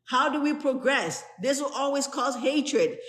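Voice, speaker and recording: Speaking to an online group, a female spiritual teacher reads passages aloud from a spiritual text and explains each one in plain, earnest language. Her high-pitched voice is animated, a bit bright and a little slow, and the recording carries a roomy echo.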